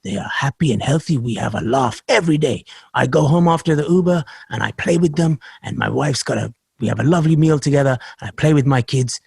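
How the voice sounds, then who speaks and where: A man's voice: mid-range voice, brisk, vocal fry, husky, dry recording. A man voicing a friendly, philosophical male taxi driver and father of three, in a put-on Arabic accent. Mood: earnest. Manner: warm, earnest, wise-sounding.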